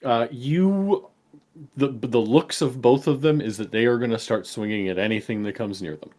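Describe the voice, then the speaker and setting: A man running a tabletop game as game master, making quick casual rulings. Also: mid-range voice, a little mellow.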